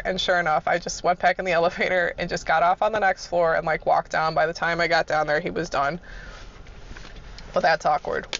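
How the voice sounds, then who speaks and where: A woman's voice: on the low side, level tone, brisk, fairly bright tone, dull audio, a little hiss or hum. A woman telling casual work stories in a laid-back, chuckling way, swearing freely. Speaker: vlogger. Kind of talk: casual storytelling.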